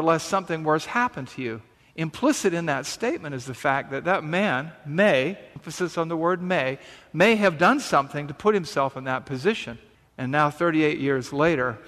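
A man's voice: fairly high pitch, fairly bright tone. A man preaching a sermon, reading scripture and then explaining it earnestly and emphatically, with frequent rhetorical questions. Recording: reverberant hall sound.

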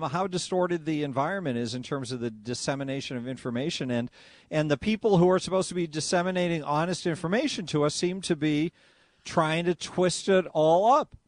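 A man's voice: a little high, no echo. A man hosting a call-in radio show with wry, exasperated commentary from the studio. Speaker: radio talk show host. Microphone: studio broadcast mic.

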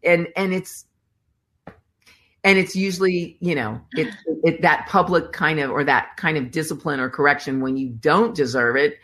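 A middle-aged woman co-hosting a faith talk show, speaking forcefully and animatedly, laughing often. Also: low-pitched, normal speed. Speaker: co-host.

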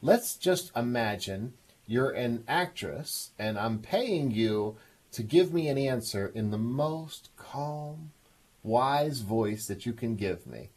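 Man, radio call-in host, husky voice, encouraging, coaching tone. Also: medium pitch, lively intonation, slow, darkish tone. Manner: encouraging, coaching, enthusiastic praise. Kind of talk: call-in advice talk.

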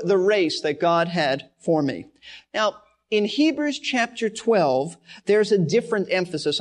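High-voiced preacher teaching Scripture. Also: male voice. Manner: earnest, emphatic, repeats key words for stress. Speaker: pastor. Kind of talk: verse-by-verse Bible teaching.

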